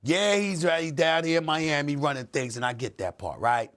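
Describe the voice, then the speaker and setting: A middle-aged host with a highish, slightly bright voice runs a heated sports debate at a moderate pace. Fiery and emphatic, he hammers home his points by repeating phrases for effect.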